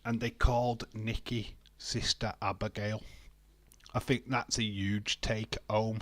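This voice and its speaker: Speaking slowly in a lowish, level voice, a British man from the UK hosts a wrestling watch-along stream. He chats casually with viewers, laughing often and singing and joking to himself.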